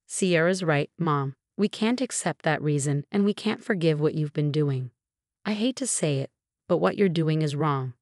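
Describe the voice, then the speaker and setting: A woman reading as a calm, firm husband. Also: on the high side, no room sound, studio quality, close to an everyday voice. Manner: measured, cold and firm.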